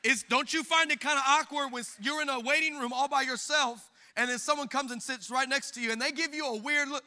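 A pastor delivers a comic sermon, telling his story with lots of energy and jokes. His voice sits very high and sounds strikingly bright and sharp. He acts out the people in the story, going loud and then soft. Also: brisk. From Hispanic background. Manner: animated, jokey, acts out quoted people with big shifts in loudness.

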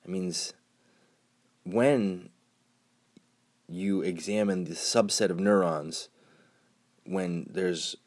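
A man's voice: deep voice, very slow, long pauses. A man hosting a solo podcast, giving sarcastic, opinionated news commentary in a rambling way with many fillers and a tone he calls neutral. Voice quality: says his tone is neutral and flat. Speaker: podcast host.

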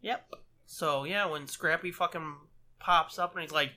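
A man's voice: fairly high pitch, measured pace, pushed and bright. A man co-hosting a movie commentary, telling rambling, profane stories in casual chat. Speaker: podcast co-host.

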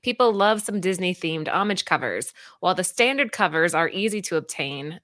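A woman with a fairly low voice reads a market rundown as co-host. Her delivery is brisk and upbeat. The recording is dry and close. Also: fairly bright tone, dry recording.

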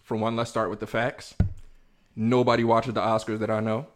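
A man's voice: on the low side, level tone, normal speed, slight background noise. A man hosting a casual podcast, talking in a laid-back, slangy and profane way as he lays out his points step by step. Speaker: podcast host.

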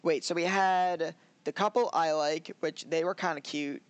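A man's voice: a little high, steady tone, normal speed, clear, resonant tone, no echo. A man co-hosting a loose, chatty review of anime episodes. He rambles, laughs often and acts out the scenes he describes. His voice sounds dry and close, with no room around it. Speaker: podcast co-host. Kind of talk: casual anime review chat.

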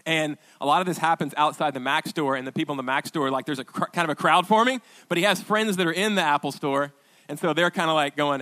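A man preaching a sermon as pastor, telling stories in a chatty, halting way with restarts and quoted dialogue. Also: a little high, pushed and bright. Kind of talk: conversational sermon storytelling.

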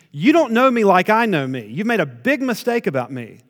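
A man's voice: fairly high pitch, expressive, moderate pace, big-room sound, natural voice. A man voicing a proud male disciple who protests that he could never fail. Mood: offended protesting. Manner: indignant, protesting. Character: proud, boastful male disciple insisting he's different.

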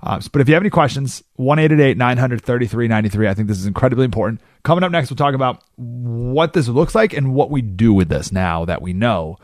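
A man talks through a radio monologue with a lively, wide-ranging pitch, dropping into quick character voices for the people he describes. The sound is dry and close, straight from a studio mic. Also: no echo. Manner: animated, acts out quoted people in character voices. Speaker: radio talk show host.

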